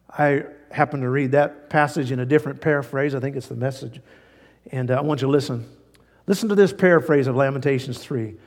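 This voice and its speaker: A male pastor preaches with a folksy, fervent delivery and keeps repeating his key phrases. His voice sits somewhat high for a man. A long reverb from a big church sanctuary trails every word. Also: very animated, normal speed, a little mellow. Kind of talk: sermon.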